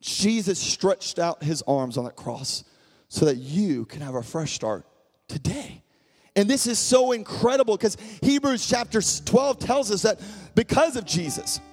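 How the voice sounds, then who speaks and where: Preaching a sermon, this pastor has a high-sitting voice, hammers home key phrases through repetition, and moves back and forth between loud emphasis and hushed tones.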